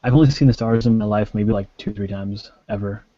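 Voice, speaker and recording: A man with a lowish, mellow voice chats on a video call, packing his speech with "like" and fillers. The sound is dry and close, with dull lo-fi audio. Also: steady tone, fairly quick, dry recording. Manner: chatty, filler-heavy, many likes. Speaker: co-host. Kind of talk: casual video-call discussion.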